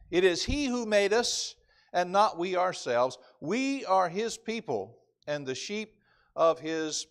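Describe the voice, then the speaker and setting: Guy preaching sunday sermon, pretty high voice, leans hard on the scripture words. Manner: emphatic, reads scripture aloud with stress. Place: church sanctuary.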